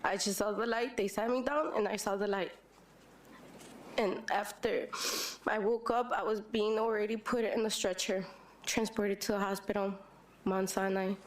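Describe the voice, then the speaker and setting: A young adult woman testifying at a public hearing, speaking haltingly with many fillers and restarts. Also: medium pitch, steady tone. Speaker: hearing witness.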